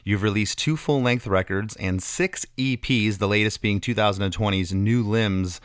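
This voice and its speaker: A man's voice: on the low side, moderate pace, smooth, no room sound, studio quality. A man hosting a casual music podcast interview, friendly, repeating words and using many fillers. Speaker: podcast host.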